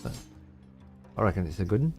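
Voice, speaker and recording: A man's voice: low voice, big pitch swings, fast, a little mellow, faint music behind. A man casually commentating on a strategy game while streaming, chatty and swearing freely as he mutters to himself.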